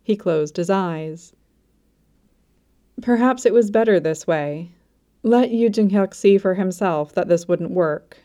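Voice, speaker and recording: A woman narrating a story in a soft, even storytelling manner. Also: on the low side, slow pace, long pauses. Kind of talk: scripted narration.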